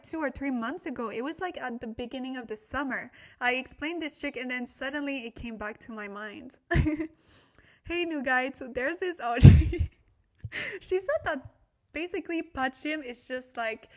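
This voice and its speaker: A young woman hosting a casual livestream Korean lesson, chatty and laughing often as she reads out viewer comments. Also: high voice. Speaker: Korean language teacher and livestream host.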